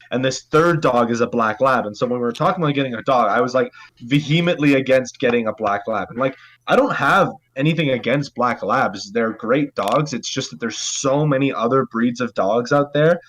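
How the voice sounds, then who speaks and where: Casting: young male podcaster, mid pitch, chatty and rambling. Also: fairly bright tone. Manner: rambling, many fillers and restarts. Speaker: podcast co-host. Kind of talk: casual group chat.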